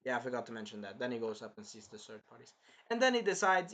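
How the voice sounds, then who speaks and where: A man's voice: medium pitch, big pitch swings, fast, a bit bright. A man casually chatting through an anime episode review, rambling and swearing now and then as he retells scenes.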